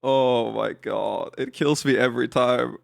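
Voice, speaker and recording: A man's voice: medium pitch, unhurried, creaky. A man streaming a game, rambling casually, giggly, with frequent restarts. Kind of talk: casual live-stream commentary.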